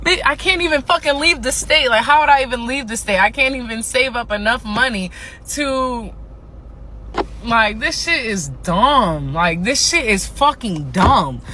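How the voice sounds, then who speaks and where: Exhausted woman ranting, bright voice. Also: on the high side, expressive, unhurried, slight background noise. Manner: frustrated, swears a lot, repeats herself. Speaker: TikTok ranter. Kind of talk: casual ranting monologue.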